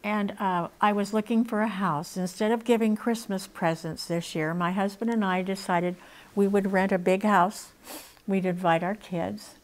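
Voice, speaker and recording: A woman's voice: medium pitch, steady tone, normal speed. A woman in her sixties telling her personal testimony in an earnest, emotional way. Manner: earnest, emotional, laughs between lines. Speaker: speaker sharing her testimony.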